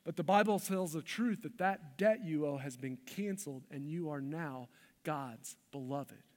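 Male pastor, high-pitched, emphatic sermon delivery in a church hall with long reverb. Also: measured pace. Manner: emphatic, shifts between loud stresses and hushed lines.

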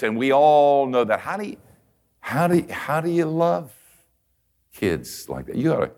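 An older man delivers a conversational sermon full of folksy stories, moving between soft asides and emphatic points. His voice is fairly high and sing-song, and he takes his time.

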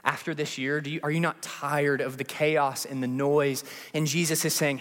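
A man preaching a sermon as a pastor in a church, swinging from hushed pleading to rising, repeated refrains. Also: medium pitch, fairly even intonation, normal speed. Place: church sanctuary. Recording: long hall reverb with faint music.

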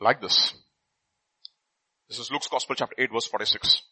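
A man preaching a sermon, reading scripture and swinging from loud bursts to quiet asides. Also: mid-range voice, fairly even intonation, moderate pace, husky, rough recording.

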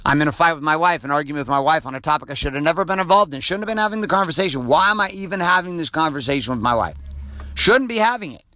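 A middle-aged man talks straight at the listener from inside his car, a motivational podcast host who swears freely and pushes hard. His voice is bright and a bit high for a man. The sound is close and dry. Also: lively intonation, rapid-fire, no echo. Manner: blunt, profane, coaching tone.

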